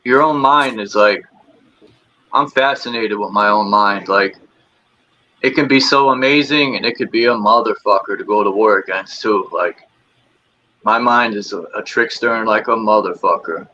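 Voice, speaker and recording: A man's voice: lowish voice, normal speed, pushed and bright. A man in a casual group chat talking frankly and profanely, acting out his inner voice. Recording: dull lo-fi sound.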